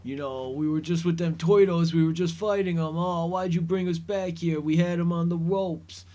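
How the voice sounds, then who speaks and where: A man's voice: medium pitch, moderate pace, sharp tone, clean tone, lightly acted. A man voicing a dim-witted male mutant goon with a thick goon accent, blustering and rambling.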